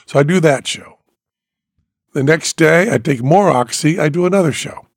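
A man with a gravelly, husky voice tells a story on his podcast, loose and animated, dropping swear words and acting out the people in it. The close mic leaves it dry and up front. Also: fairly high pitch, moderate pace, no room sound. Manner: animated, profane, acts out quoted voices. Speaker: podcast host. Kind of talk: casual storytelling.

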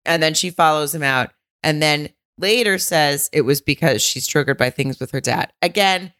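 A woman's voice: deep voice, normal speed, a bit bright. A woman co-hosting a podcast, chatting casually and acting out quotes with some swearing. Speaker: podcast co-host. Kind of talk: casual chat recapping a reality show.

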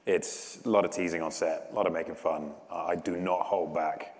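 A man in his thirties, an actor, chatting in a relaxed, self-deprecating way in an interview and laughing often. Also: sits low, brisk. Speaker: actor guest. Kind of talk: casual promotional interview. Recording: roomy reverb.

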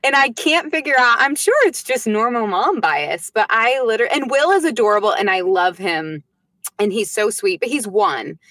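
A woman in her thirties, a podcast guest, chatting casually and telling lively stories about her young sons, acting out their little voices. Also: on the high side, moderate pace, no room sound. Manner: lively storyteller who acts out her kids' voices. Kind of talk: casual chat.

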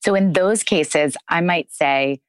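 A woman who is a parenting expert, calmly explaining discipline in a podcast Q&A and modelling kind phrases to say to children. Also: lowish voice, takes it slowly, smooth, no echo. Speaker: parenting expert answering listener questions. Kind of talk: podcast advice Q&A.

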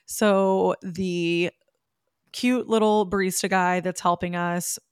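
A woman's voice: on the low side, steady tone, slow, clean tone, dry recording, studio quality. A young woman hosting a podcast, telling a casual story in a chatty way and laughing often. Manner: chatty, laughs often, spiritual wellness talk. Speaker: podcast host.

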